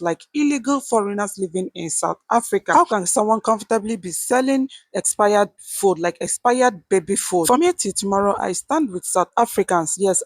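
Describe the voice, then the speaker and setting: Earnest husky commentator. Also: medium pitch, dry recording. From Nigeria. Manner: earnest, repetitive, rhetorical questions to viewers. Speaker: online commentator. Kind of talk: opinion vlog reacting to news.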